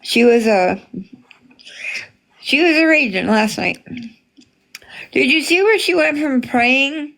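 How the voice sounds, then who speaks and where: A woman's voice: high voice, animated, slow, creaky, long pauses, fairly bright tone. A woman hosting a casual livestream, chatting with viewers and greeting them by name, with many fillers. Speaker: livestream host reading chat.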